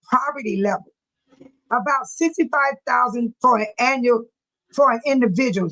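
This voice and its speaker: A woman's voice: high-pitched, a bit bright, poor audio. A woman hosting a live chat, reading viewer comments aloud and often breaking into laughter, speaking in a folksy, churchy way. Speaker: livestream host.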